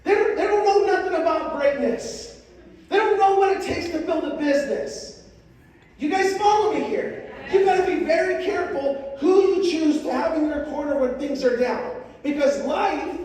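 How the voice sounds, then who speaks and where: High-voiced man booming in an echoey hall. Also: a little mellow. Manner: emphatic, calls on the crowd to repeat lines. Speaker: motivational speaker. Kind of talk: motivational stage speech. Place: large hall with an audience. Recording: echoey hall, distant mic, crowd.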